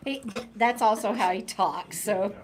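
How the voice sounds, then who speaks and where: A woman's voice: mid-range voice, unhurried, background noise. A middle-aged woman chatting casually on a live stream, rambling and breaking off to talk to her dog. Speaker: vlogger reading live chat.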